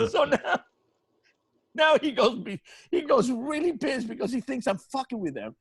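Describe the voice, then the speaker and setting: Animated man telling a story. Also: very high voice, normal speed, creaky, breathy edge, dry recording. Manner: animated storyteller, laughing through his own punchlines. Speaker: comedy podcast co-host. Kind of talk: storytelling on a comedy podcast.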